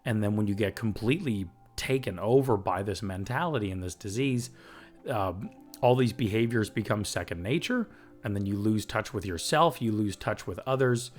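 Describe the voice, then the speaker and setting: Low-ish guy doing a recovery podcast, earnest, gets all fired up, bit of music under him. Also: moderate pace. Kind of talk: reflective recovery podcast talk.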